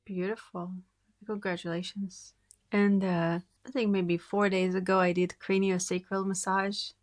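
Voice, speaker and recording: A woman's voice: medium pitch, little pitch movement, measured pace. Woman, podcast host, affirming, short agreements, asks questions. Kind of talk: podcast interview.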